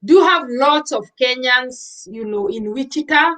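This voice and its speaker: A woman's voice: high voice, animated, unhurried, a bit bright, low-quality recording. A woman interviewer asking questions and giving short encouraging replies. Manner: brief encouraging back-channel replies.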